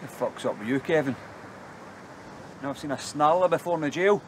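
An actor playing a gruff, commanding male gang boss who speaks curtly. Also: a little high, expressive, fairly quick, noisy background, natural voice.

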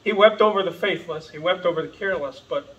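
A man's voice: high-pitched, fast talker, fairly bright tone, distant mic, dull audio. A man preaching an earnest, impassioned sermon as pastor, calling his listeners folks. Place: church sanctuary.

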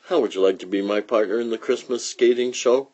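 A man voicing a bossy young girl from a comic strip, in a sharp, demanding way. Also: medium pitch, brisk, pitched above the performer's own voice, natural voice.

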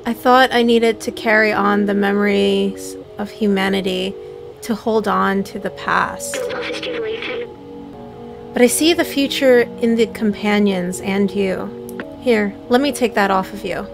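A woman reading aloud the lines of a small, earnest robot drone that gives itself up for its friends, in a calm, soft, slower voice. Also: mid-range voice, gravelly, pitched below the performer's own voice. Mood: solemn farewell. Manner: reading on-screen lines calmly and softly. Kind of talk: reading game dialogue aloud. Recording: game music playing behind. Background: game music.

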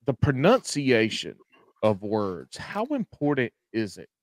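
A man's voice: medium pitch, wildly swooping pitch, no room sound. A man hosting a podcast, chatting casually with a guest in a rambling, joking, profane way. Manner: drawn-out stalling in its phrasing. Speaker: podcast host. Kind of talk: casual interview chat.

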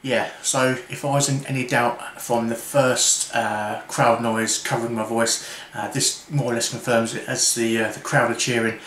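A man explains things in a plain, matter-of-fact voice-over at an ordinary pitch. The recording sounds roomy and echoey, with a faint hiss underneath. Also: flat delivery, normal speed, hardly any pauses, a bit bright. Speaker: VR gaming content creator. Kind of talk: reflective voice-over commentary.

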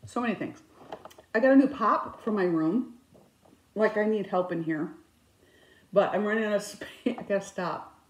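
A woman in her fifties chatting casually about her crafts, with self-mocking, animated storytelling. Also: mid-range voice, normal speed, long pauses. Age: 50s. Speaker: cross-stitch vlogger. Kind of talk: casual chat. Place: indoors, her craft room. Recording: echoey room.

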